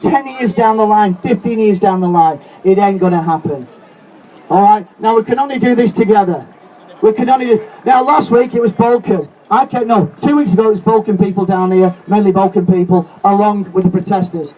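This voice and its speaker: Shouting to protesters outdoors, a man from Lancashire, England, delivers a fiery speech against fracking and keeps repeating rallying cries. His voice sits high and moves a little fast, and the dull audio comes from a camera held away from him in the crowd, with crowd noise all around.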